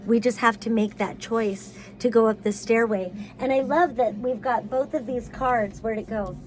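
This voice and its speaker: A woman's voice: a little high, moderate pace. A woman giving a casual tarot reading, talking in a rambling, hesitant way with many fillers and restarts. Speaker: tarot reader.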